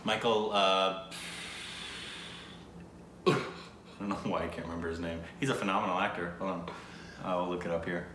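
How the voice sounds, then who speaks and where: Guy hosting a reaction vid, bright tone, lots of ums, echoey room. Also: low-pitched, steady tone. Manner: halting, searches for names with many fillers. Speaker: reaction video host. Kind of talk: casual chat. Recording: echoey room with faint noise.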